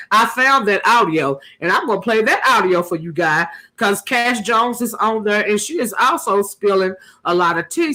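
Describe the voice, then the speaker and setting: A woman with a bright, forceful tone talks straight to her viewers in casual gossip commentary. She is sassy and emphatic, stacking rhetorical questions and asides as she goes. The voice has a sharp edge that carries. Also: medium pitch. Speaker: commentary channel host.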